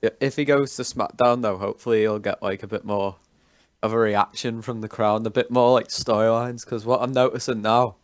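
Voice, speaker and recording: A man's voice: fairly low pitch, fairly even intonation, brisk, no room sound. A man calling in to a show, chatting with small hesitations. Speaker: caller.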